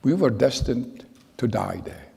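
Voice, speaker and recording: Gravelly man in his nineties, echoing hall. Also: mid-range voice, expressive, warm tone. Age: 90s. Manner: halting, earnest storytelling with repeated phrases. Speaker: Holocaust survivor giving testimony. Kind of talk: spoken testimony to an audience. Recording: long reverb of a large hall.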